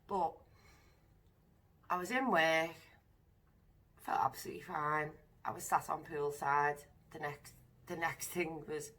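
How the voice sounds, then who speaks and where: A woman candidly recounting a personal experience to camera, vivid and emotional, sometimes dropping into breathy whispers. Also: deep voice, fairly bright tone. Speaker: vlogger sharing personal experience.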